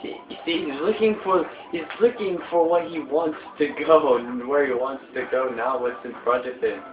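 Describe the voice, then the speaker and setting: Teen guy commenting on a game, gets loud and swears a lot, echoey room, game music behind. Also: medium pitch, moderate pace. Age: teenager. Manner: excitable, yelling and swearing when frustrated. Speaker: gameplay commentator. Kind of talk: let's play commentary. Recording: tinny phone-like audio in an echoey room.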